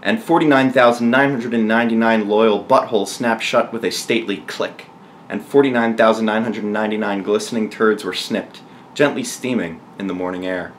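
A man's voice: lowish voice, fairly even intonation, fairly quick, a little hiss or hum. A man reading a bawdy mock-biblical tale aloud, chuckling his way through the punchlines. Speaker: storyteller.

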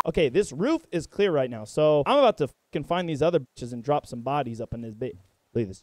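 A young man talks through a shooter game in a fairly high voice that swings wildly up and down. He is excitable and profane, jumping from muttered plans to sudden yelps. Faint gunfire plays in the background. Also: fast, background noise. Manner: excitable, profane, bursts into yelps and shouts mid-play. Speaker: gaming content creator. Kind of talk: live gameplay commentary.

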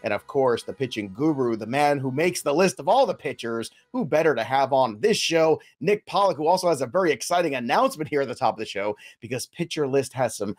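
A man hosting a sports podcast, energetic and chatty, running through promos and introducing guests. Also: medium pitch, fairly quick, few pauses. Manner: energetic, plugs and jokes. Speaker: podcast host.

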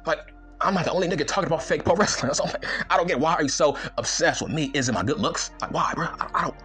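A man's voice: a little high, fairly bright tone. A man delivering an angry, profane, mocking rant to camera as a wrestling YouTuber. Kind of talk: angry ranting monologue.

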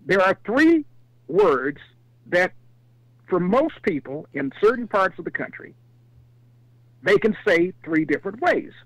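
A high, lively male voice spins a folksy story and swoops up and down as he goes. The sound is dry and close, with no room around it. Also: measured pace, long pauses, no echo, low-quality recording. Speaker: call-in panelist. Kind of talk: casual storytelling.

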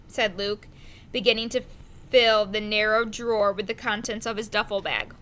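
A woman reading a children's adventure novel aloud, slow and careful, with the odd slip of the tongue. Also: medium pitch, fairly bright tone. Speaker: audiobook reader. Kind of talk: storybook narration.

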